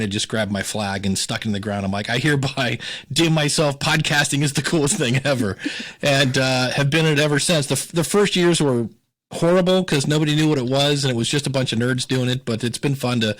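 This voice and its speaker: Man from Ohio, guest on an interview show, lively storyteller who voices the people in his anecdotes, mid pitch. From Ohio, USA. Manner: animated storyteller, acts out quoted voices. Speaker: podcast consultant, guest. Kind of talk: casual interview talk.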